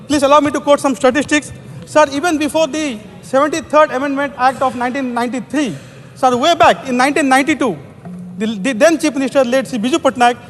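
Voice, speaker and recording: Brief: Indian-accented male legislator, high voice, formal, long chamber echo. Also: a little hiss or hum. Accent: Indian English. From Odisha, India. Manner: formal, peppers every phrase with "sir". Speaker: member of parliament. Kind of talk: parliamentary speech. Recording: long reverb of a large chamber.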